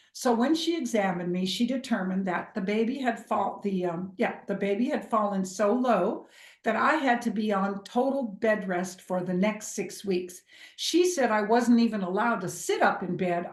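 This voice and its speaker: A middle-aged woman telling a personal story in an expressive way, acting out the voices of the people in it. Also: on the high side, roomy sound. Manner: expressive, acts out quoted voices. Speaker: speaker sharing a personal story.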